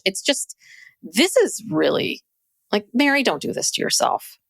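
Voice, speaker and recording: A woman's voice: mid-range voice, big pitch swings, moderate pace, creaky, dry recording. A woman co-hosting a podcast, recapping a reality show in casual chat, blunt and exasperated, swearing and acting out quotes in mocking voices. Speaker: podcast co-host.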